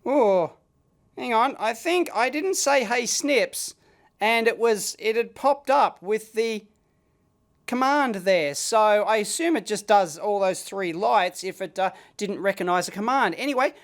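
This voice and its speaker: An Australian man hosting an electronics video, chatting casually and getting excited while he demos a gadget at his bench. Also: high-pitched, a little slow. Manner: excitable, chatty, blokey slang.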